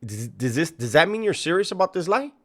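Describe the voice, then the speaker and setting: A man's voice: fairly high pitch, big pitch swings, fairly quick, a bit bright. A man commenting on a video clip he is playing, mocking and incredulous, swearing freely. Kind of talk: reaction commentary.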